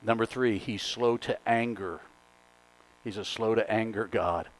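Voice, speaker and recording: A man's voice: lowish voice, unhurried, low-quality recording. A male pastor giving a conversational, emphatic sermon and working through numbered points.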